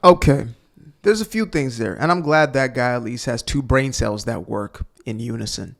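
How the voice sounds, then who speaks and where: A man's voice: mid-range voice, normal speed, creaky. A man hosting an opinionated commentary channel, reacting to clips in a sarcastic, mocking tone.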